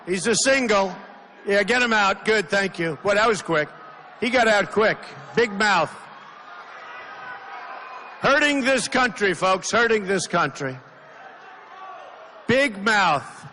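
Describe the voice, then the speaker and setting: A man's voice: sits high, expressive, slow pace, long pauses, pushed and bright. Emphatic older man at a rally podium. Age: 60s. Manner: emphatic, repetitive, off-the-cuff, interrupted by hecklers. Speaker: political candidate speaking at a rally. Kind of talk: campaign rally speech. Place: large indoor rally venue. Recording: reverberant hall with faint crowd noise.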